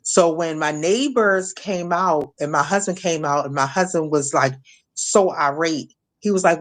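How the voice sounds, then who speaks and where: A middle-aged woman from Maryland giving an emotional personal testimony as an interview guest, halting, repeating words and acting out what others said. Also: low-pitched. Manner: halting, repeats words, acts out quoted voices. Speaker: guest, shooting survivor.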